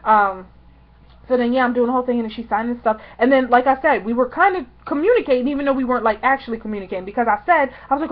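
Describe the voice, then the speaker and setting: A woman vlogger telling a story to her viewers in a chatty, excitable, slangy way. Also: fairly high pitch, fast talker, highs cut off.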